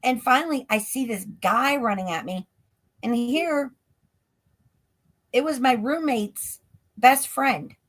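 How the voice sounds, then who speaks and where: A woman's voice: a little high, slow pace, long pauses. A woman, a guest on a live stream, telling a story in a breathless run-on way that is full of "like". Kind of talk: storytelling in an interview. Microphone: stream call mic.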